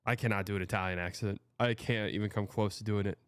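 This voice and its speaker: A man's voice: on the low side, fairly even intonation, quick pace, clear, resonant tone, no room sound, clean studio sound. A young man from Texas hosting a show, reading viewer comments in a loose, rambling, chatty way. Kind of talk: casual livestream chat.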